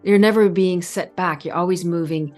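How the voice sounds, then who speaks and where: A middle-aged woman giving a calm, earnest spiritual talk, pausing and stretching words. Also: fairly low pitch, over music. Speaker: spiritual channel host. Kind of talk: reflective spiritual talk to camera.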